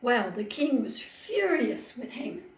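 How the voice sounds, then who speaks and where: A woman tells a Bible story in a homey, unpolished way, stopping to correct herself now and then. Her voice is somewhat high. The room around her is echoey. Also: big pitch swings, a little slow. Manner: homey, with small slips and self-corrections. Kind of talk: home storytelling of a Bible tale.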